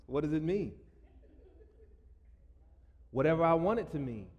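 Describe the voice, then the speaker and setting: Pastor, male, playful preaching with laughing asides, slightly high-pitched, reverberant church hall. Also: very animated, takes it slowly, a little mellow, husky, dull audio. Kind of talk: sermon. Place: church sanctuary.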